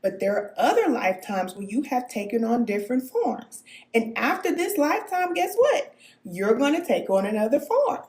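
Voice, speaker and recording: Speaking as a self-described spirit guide on a livestream, a woman answers viewer comments in an emphatic, preachy way, often chuckling and asking "okay?" Her fairly high voice has a sing-song lilt at normal speed, with a darkish tone in a roomy space.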